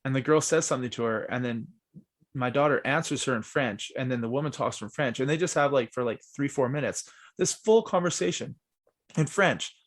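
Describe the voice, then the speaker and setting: A man hosting a podcast, telling stories in a loose, animated way and swearing a lot. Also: medium pitch, brisk. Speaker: podcast host. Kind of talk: casual chat.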